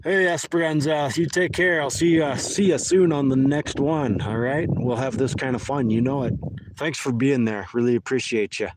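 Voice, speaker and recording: Casting: a friendly, rambling man with an average-pitched voice, chatting to his stream. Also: normal speed. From eastern North Dakota. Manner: rambling and friendly, with restarts and self-mockery. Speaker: livestream host. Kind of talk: casual livestream chat. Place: outdoors on a lake, kayaking. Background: birds and faint outdoor noise.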